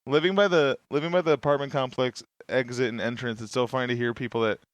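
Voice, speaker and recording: A man's voice: mid-range voice, steady tone, fast talker, dry recording. A young man hosting a talk show, riffing on comedic bits with lots of swearing and laughter. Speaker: podcast host. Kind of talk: casual comedic banter.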